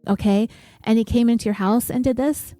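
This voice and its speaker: A woman reading a calm emergency dispatcher. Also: on the high side, brisk, no echo, soft background music, natural voice. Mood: steady questioning.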